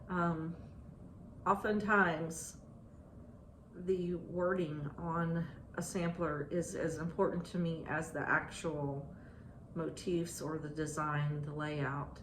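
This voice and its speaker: A woman chatting casually about her stitching projects, halting and restarting often with ums. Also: sits low, fairly even intonation. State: out of breath. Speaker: stitching vlogger. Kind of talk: casual show-and-tell chat. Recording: echoey room, faint ambient noise.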